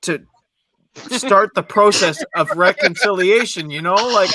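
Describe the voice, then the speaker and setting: A man's voice: sits high, a little slow, a crowd in the background. A man calling in to a fan show, ranting with emphasis and repeating words as he builds his point. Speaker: fan caller. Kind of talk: heated fan call-in rant.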